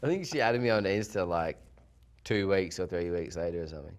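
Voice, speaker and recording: A man's voice: deep voice, expressive, a little fast. A young Australian man in casual after-show chat, laid-back, laughing often and swearing freely. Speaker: yacht crew member on a reality-show after show.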